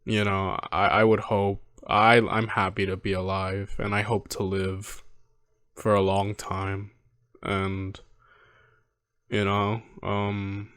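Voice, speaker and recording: A man in his twenties hosting a movie reaction, talking in a rambling, halting, heartfelt way from home. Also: on the low side, monotone, fairly bright tone, clear, resonant tone, no room sound, clean studio sound. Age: 20s. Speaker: reaction video host. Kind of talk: casual reflective commentary.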